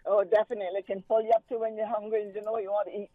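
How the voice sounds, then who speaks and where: High-voiced caller on a tinny phone line. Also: male voice, very fast, no echo. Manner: relaxed, rambling, with many fillers. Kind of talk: casual phone-in chat. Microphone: telephone.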